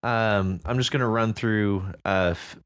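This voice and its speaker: A man co-hosting a podcast, talking through a story in a thoughtful, measured way. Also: fairly low pitch, fairly even intonation, fairly bright tone, clear, resonant tone. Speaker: podcast co-host. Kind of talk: casual discussion of a story.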